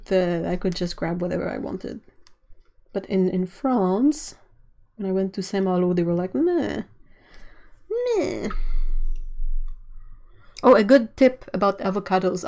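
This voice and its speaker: A woman's voice: medium pitch, warm tone. A woman from Canada, chatting casually and rambling while she draws on a livestream, laughing often. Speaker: artist livestreamer. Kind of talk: casual chat while drawing on stream.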